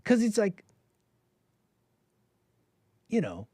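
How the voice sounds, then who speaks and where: A man's voice: high voice, huge pitch swings, very slow, mellow, slightly rough, no echo, studio quality. A man hosting a call-in show, rambling in casual commentary with a mocking tone and frequent restarts.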